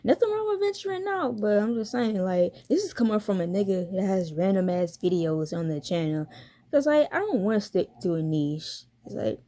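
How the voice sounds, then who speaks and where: A woman's voice: medium pitch, animated, normal speed, mellow. Blunt, profane young woman ranting. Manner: blunt, profane, slangy ranting with frequent laughs. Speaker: YouTuber. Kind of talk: casual commentary vlog.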